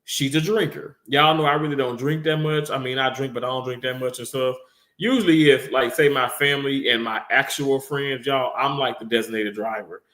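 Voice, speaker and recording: A man's voice: mid-range voice, fairly even intonation, moderate pace, fairly bright tone, roomy sound. A young man telling a rambling workplace story to his viewers, laughing often and acting out the voices of the people he quotes. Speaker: storyteller recounting a workplace incident.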